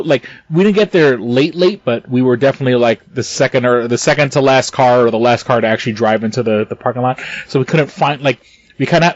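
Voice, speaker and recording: A man's voice: mid-range voice, no room sound. A man co-hosting a podcast, chatting casually in a rambling way with lots of restarts and swearing. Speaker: podcast co-host. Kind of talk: casual chat. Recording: dull lo-fi sound, dry.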